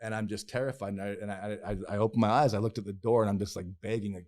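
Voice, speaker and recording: Low-voiced man telling a raw personal story. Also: quick pace. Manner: raw, profane and emotional, with many restarts and repeated phrases; acts out his own past inner voice in quoted self-talk. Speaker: podcast guest. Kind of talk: candid personal storytelling in a podcast interview.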